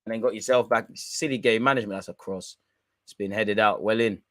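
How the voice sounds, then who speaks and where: A young man giving excitable, banter-filled live reaction commentary on a football match. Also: fairly low pitch, brisk, dry recording. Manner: excitable, banter-heavy, swears. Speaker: football watch-along streamer.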